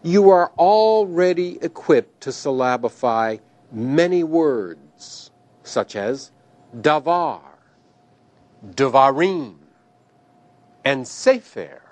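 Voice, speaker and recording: Man teaching grammar, super slow and careful, voice goes up and down a lot. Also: a little high, very animated, a little mellow, dry recording. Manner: slow and deliberate, careful pronunciation of terms. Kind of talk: recorded grammar lecture.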